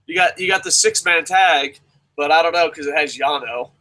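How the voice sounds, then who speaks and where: A man's voice: fairly high pitch, expressive, normal speed, bright, forceful tone, low-quality recording. A man hosting a wrestling preview chat, ranting with heavy swearing and passion. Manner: profane, impassioned ranting. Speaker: host.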